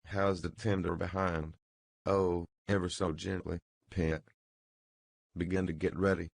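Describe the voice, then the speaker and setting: A man reading an audiobook voices a domineering, savage brothel keeper who bullies and gloats in quick, clipped bursts. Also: deep voice, level tone, gravelly, dry recording, heavily acted.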